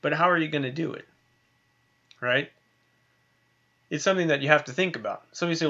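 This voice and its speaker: Bright-voiced man teaching casually. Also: a little high, fairly quick, dull audio. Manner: conversational, many tag questions and fillers. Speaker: Bible teacher. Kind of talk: recorded online lesson.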